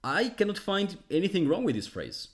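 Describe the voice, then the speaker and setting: A man's voice: high-pitched, very animated, normal speed, breathy edge. A man whose first language is Spanish, giving a scripted, sarcastic commentary as host of a video essay. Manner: sarcastic, exasperated critique.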